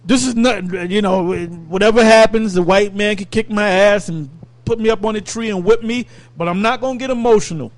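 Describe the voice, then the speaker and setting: A man leading a Bible study, preaching in an animated, emphatic way and laughing between points. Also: sits high, normal speed, no echo. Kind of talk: fiery preaching commentary.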